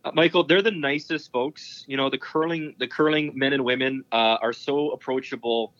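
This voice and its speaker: A man's voice: mid-range voice, steady tone, moderate pace, a bit bright, highs cut off. A man working as a sports broadcaster, telling stories in an interview in an enthusiastic, rambling way, full of fillers and restarts. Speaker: curling broadcaster. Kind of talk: casual anecdote telling in an interview.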